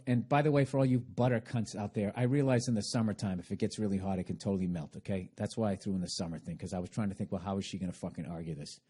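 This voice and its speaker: A man's voice: fairly low pitch, mellow, slightly rough. A man hosting a podcast, talking in a rambling, profane, sarcastic comedic monologue. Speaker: podcast host.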